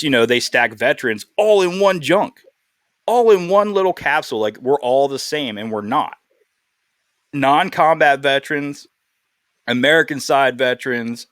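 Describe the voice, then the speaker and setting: A man's voice: mid-range voice, fairly bright tone, dry recording, studio quality. Earnest man hosting a podcast. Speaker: podcast host. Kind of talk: casual podcast chat.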